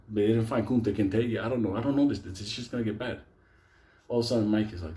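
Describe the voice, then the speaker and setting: A man's voice: lowish voice, fast, warm tone. A man telling a story to a live audience, swearing constantly and laughing as he goes.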